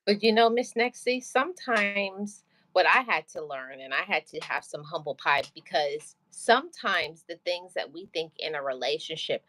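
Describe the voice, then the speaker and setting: Woman hosting a chat, low deep voice, earnest, asks lots of questions, dry close sound. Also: animated, moderate pace, hardly any pauses, fairly bright tone, no echo, low-quality recording. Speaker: channel host. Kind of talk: casual advice chat.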